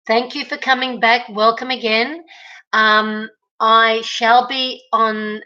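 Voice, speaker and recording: A woman's voice on the high side, slow, pushed and bright, with fairly even intonation, carries this casual kitchen livestream at home. With an Australian accent, she reads viewer comments, chats, and greets people by name. The audio sounds dull.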